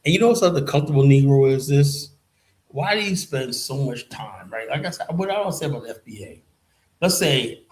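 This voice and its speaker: A man in the middle of a heated rant on his own channel. His delivery is sarcastic and blunt, and he keeps sliding into mocking put-on voices of his opponents. His pitch sits at a plain everyday middle for a man. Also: expressive, fairly quick, low-quality recording. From United States. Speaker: commentary channel host. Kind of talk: ranting political commentary. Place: in Liberia, West Africa.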